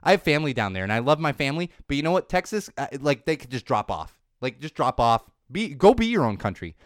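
A man's voice: mid-range voice, fast talker, no echo, studio quality. A man in his thirties hosting a casual chat, ranting in a profane, opinionated way with lots of fillers, his voice a little worn from a cold. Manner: animated, profane and opinionated, with many fillers and restarts. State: voice going, getting sick. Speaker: podcast host.

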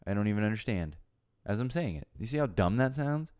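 A man hosting a casual monologue for his followers, emphatic and animated, repeating his points, his voice getting hoarse. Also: lowish voice, brisk, no echo, clean studio sound. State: voice going hoarse. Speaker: host of a personal talk show.

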